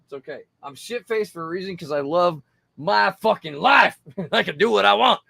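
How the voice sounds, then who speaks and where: A man's voice: sits high, lively intonation, normal speed, vocal fry, sharp tone, slightly rough, dry recording, studio quality. A tipsy man hosting a casual livestream, rambling and swearing between laughs. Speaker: livestream host.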